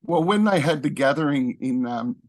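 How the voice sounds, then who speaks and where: An Australian man talks casually in a rambling way, full of fillers, restarts, and self-corrections. His voice sits on the high side, expressive and a little mellow, at normal speed with no room sound.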